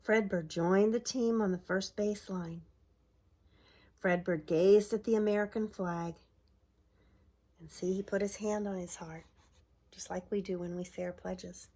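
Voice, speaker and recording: A woman's voice: mid-range voice, steady tone, a little slow, pauses often. A middle-aged woman who runs a preschool, reading a picture book aloud to young children and asking them questions as she shows the pages. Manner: asks young listeners questions and points at pictures; bright exaggerated voice for cheering lines. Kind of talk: children's story time read-aloud.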